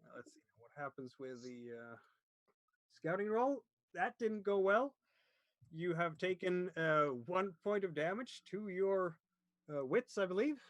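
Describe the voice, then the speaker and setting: A man narrating a tabletop game as game master, pausing often to search for words. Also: high voice, animated, no echo, muffled recording.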